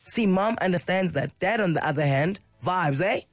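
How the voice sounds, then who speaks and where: A woman radio host, a little croaky from illness, chatting playfully on breakfast radio. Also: fairly low pitch, moderate pace, no room sound, faint music behind. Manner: playful, animated.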